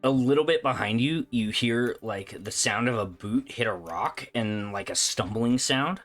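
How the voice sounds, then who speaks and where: A man's voice: medium pitch, a little slow, a bit bright, faint music behind. A man narrating a tabletop game as dungeon master, talking casually with lots of fillers.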